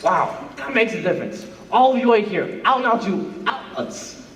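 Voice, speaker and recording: Brief: man as a blustering doorkeeper, very high voice, heard from afar in an echoey theater. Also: big pitch swings, moderate pace, fairly bright tone, slight background noise. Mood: bossy. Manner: bossy, blustering stage delivery. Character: fussy male palace doorkeeper. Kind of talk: live stage musical. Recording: echoey live stage, distant from mic.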